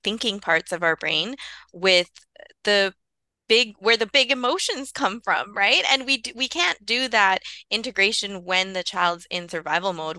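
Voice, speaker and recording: A woman's voice: on the low side, bright, forceful tone, clean tone, dry recording. A woman guest on a podcast interview, explaining early childhood care in an earnest, conversational way with lots of "like" and "you know".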